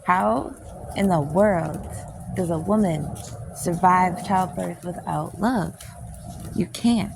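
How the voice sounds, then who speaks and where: A woman's voice: lowish voice, takes it slowly, gravelly, noisy background. A woman poet teaching a casual spiritual class outdoors. She speaks candidly, swears freely, and laughs often. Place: outdoors, with planes passing overhead.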